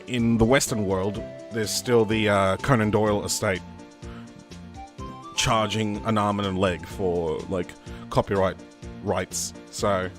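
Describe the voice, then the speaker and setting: A man's voice: fairly low pitch, a bit bright. A man with an Australian accent chatting casually while he streams a video game, joking at his own expense. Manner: chatty, self-mocking, trying out voices. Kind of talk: casual live-stream commentary.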